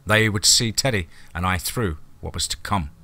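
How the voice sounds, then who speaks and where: Bright-voiced male horror narrator. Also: sits low. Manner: measured, formal and grave. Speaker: storyteller. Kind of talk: scripted horror story narration.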